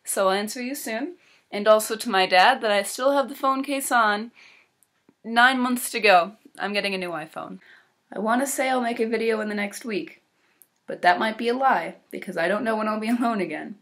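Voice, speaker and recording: A woman's voice: mid-range voice, fairly quick, fairly bright tone. Chatty American teen girl vlogging. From Illinois, USA. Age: teens. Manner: chatty, upbeat, with fillers and small laughs. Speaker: exchange student vlogger. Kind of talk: casual video diary.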